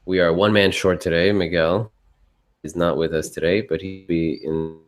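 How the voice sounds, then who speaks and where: A man with a very deep voice, roughened into a rasp by a cold he is getting over. He co-hosts a casual chat, joking and playful. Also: steady tone, moderate pace. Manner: jokey, playful, laughs often. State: raspy voice from a cold. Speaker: podcast co-host.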